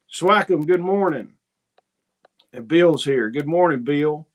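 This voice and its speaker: A man's voice: fairly high pitch, expressive, slow. A man hosting a homesteading livestream, chatting casually, reading viewer comments and telling rambling, folksy stories. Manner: rambling, folksy storytelling with quoted asides. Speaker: homesteading channel host.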